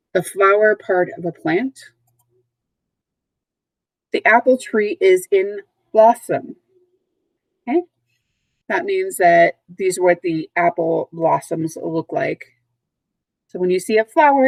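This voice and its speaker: A woman teacher giving a recorded vocabulary lesson, speaking patiently and clearly, repeating and spelling out words, recorded at home. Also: mid-range voice, a little mellow, dry recording, low-quality recording. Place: at home, dogs nearby.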